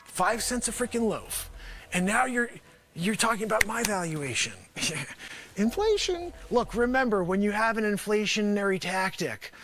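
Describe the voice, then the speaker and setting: Excitable high-voiced man doing a comic pitch. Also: unhurried. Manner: rambling, sarcastic, excitable. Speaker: host. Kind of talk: comedic improvised pitch.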